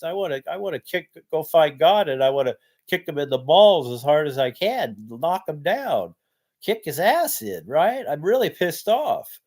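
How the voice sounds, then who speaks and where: A man in his sixties talking in a casual vlog monologue, tired and worn out, halting with many restarts and rising into angry rants. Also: fairly high pitch. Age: 60s. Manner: halting, many restarts, rises to loud ranting. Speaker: vlogger.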